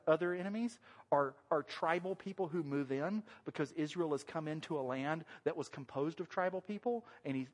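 A male pastor preaching a sermon in a church, talking in a conversational, animated way and joking with the congregation. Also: on the high side. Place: church sanctuary. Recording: long reverb of a large hall.

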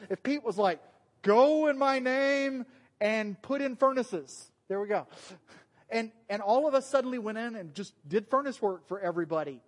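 A man with a Southern US accent preaching a sermon to a church group in a relaxed, conversational, joking way. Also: sits high, in a large hall. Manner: joking, conversational, self-deprecating. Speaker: pastor. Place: church meeting room.

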